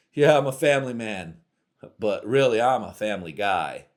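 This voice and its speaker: Low-voiced man rambling crude comedy. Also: lively intonation, normal speed. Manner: rambling, profane, slangy, laughs often. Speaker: podcast host.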